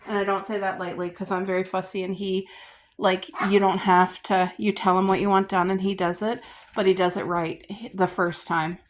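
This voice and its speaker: A woman's voice: mid-range voice, little pitch movement, normal speed, slight background noise. Chatty, gushing woman vlogger. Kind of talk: casual chat to camera. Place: garden outdoors.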